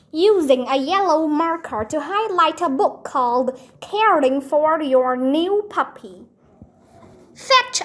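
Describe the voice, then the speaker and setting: A woman reading a children's book aloud in calm, clear storybook narration. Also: sits high.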